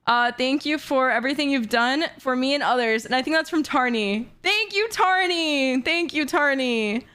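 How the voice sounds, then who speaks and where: A high-pitched young woman in her twenties chats casually to her live-stream audience. Her talk is excitable and gushing. She giggles often as she goes along. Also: normal speed, smooth. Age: 20s.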